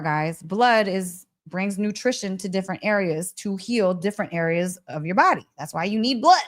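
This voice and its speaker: A woman hosting a podcast, telling a story in an excitable, emphatic way, repeating phrases and laughing often. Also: medium pitch. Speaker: podcast host. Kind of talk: animated storytelling monologue.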